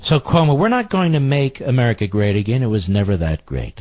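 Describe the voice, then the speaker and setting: A man's voice: mid-range voice, animated, fairly quick, a little mellow, no echo. Middle-aged guy ranting on talk radio, keeps repeating himself, dry close mic. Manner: indignant, repeats phrases for emphasis. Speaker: radio talk show host. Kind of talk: political talk radio monologue.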